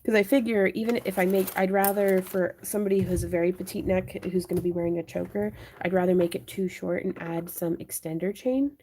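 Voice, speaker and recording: A woman's voice: on the low side, steady tone, a little fast, few pauses, mellow, a little hiss or hum. A young woman hosting a craft livestream, chatting casually and answering viewers while she works. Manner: chatty, thinks aloud and answers viewer chat.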